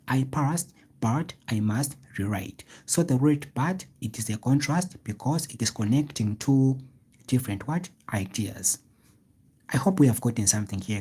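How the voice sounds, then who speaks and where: A male tutor leads a live-streamed grammar lesson in a dark, husky voice. He circles back to the same points again and again. He often checks whether his listeners have understood. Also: medium pitch. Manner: asks the class half-questions ending in "what?" and answers them himself.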